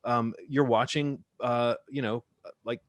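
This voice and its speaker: A man co-hosting a podcast about movies, chatting casually and getting animated, with laughs and sudden jumps up in pitch. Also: slow, dry recording, clean studio sound. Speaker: podcast co-host. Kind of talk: casual chat.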